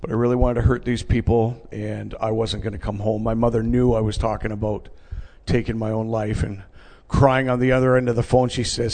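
Middle-aged man, gravelly voice, personal testimony to an audience, earnest storytelling, hushed to loud, long hall reverb. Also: on the low side, flat delivery, a little fast, few pauses. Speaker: speaker giving a personal testimony. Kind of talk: emotional testimony to a live audience.

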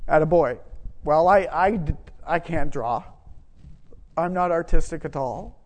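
A middle-aged man preaching a sermon, conversational and self-deprecating, building to loud emphatic moments. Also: fairly high pitch, measured pace. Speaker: pastor. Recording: long hall reverb.

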